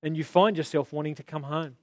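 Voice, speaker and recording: A man delivers a lively sermon in a somewhat high voice. The sound is dry and close to the mic. He swings into indignant, mocking outbursts as he drives his points home. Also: brisk, no echo. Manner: animated, rising to indignant mock outbursts. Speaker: pastor.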